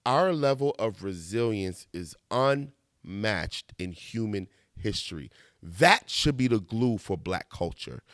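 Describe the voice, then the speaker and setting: Man, conversational monologue host, lively pitch, dry booth-like sound. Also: slow, no echo. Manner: animated, conversational, laughs at himself, slangy asides. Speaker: video essayist. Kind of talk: casual monologue.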